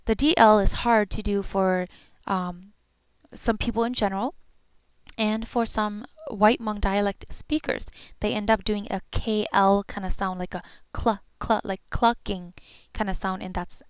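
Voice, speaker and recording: A woman's voice: mid-range voice, clear, resonant tone, dry recording. A woman teaching pronunciation on a podcast, repeating each sound aloud as she demonstrates it. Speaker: language teacher.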